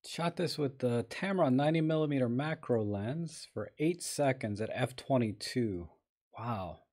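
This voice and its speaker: A man's voice: mid-range voice, lively intonation, unhurried, a little mellow. Chatty man editing photos live. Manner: chatty, thinking aloud, greets viewers while working. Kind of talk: casual live-stream commentary.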